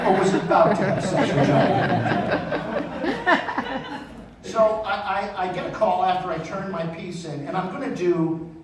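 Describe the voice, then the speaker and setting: A middle-aged man telling comic stories on stage in an animated way, acting out the people in them. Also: sits high, heavy reverb, far from the mic, low-quality recording. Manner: animated, acts out voices in his anecdotes. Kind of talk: stand-up storytelling.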